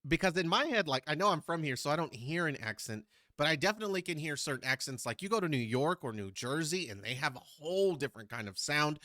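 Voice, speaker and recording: A man's voice: a little high, pushed and bright, no echo, studio quality. A man from Texas, hosting a casual reaction video in a chatty, rambling way and searching for words. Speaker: YouTube reaction host.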